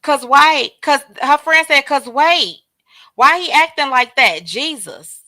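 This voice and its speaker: A woman's voice: high-pitched, lively intonation, takes it slowly, pushed and bright, dry recording. A woman hosting a casual livestream commentary, talking straight to her viewers and calling out chat names. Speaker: livestream host.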